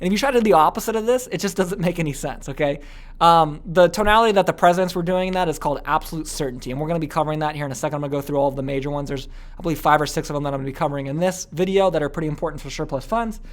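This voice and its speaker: A man's voice: a little high, racing. A man teaching an online course in a casual, chatty way, full of fillers and frequent "okay?" asides. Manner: acts out little quoted scenes.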